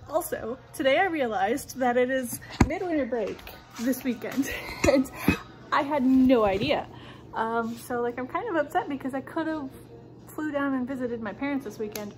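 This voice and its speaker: A woman's voice: fairly high pitch, moderate pace, over loud music, rough recording. A woman vlogging in a casual, rambling chat, often giggling.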